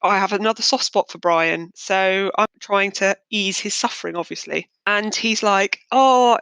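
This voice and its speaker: A woman's voice: mid-range voice, fairly even intonation, normal speed, vocal fry, pushed and bright, clean tone, no echo. A woman hosting a podcast, telling a long personal story in a chatty, rambling and darkly candid way. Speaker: podcast host. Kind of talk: casual storytelling monologue.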